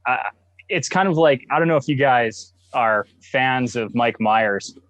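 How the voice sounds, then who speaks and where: A man's voice: medium pitch, measured pace, fairly bright tone, dry recording. Playful Canadian man, dry close sound. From Alberta, Canada. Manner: theatrical, wordy and playful. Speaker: guest, actor and author. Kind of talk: casual interview chat.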